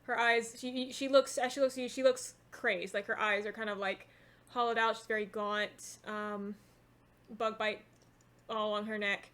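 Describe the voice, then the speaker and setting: A woman's voice: on the high side, flat delivery, moderate pace, fairly bright tone. A woman running a tabletop game from home, describing scenes in a loose, rambling way full of fillers. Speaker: game master.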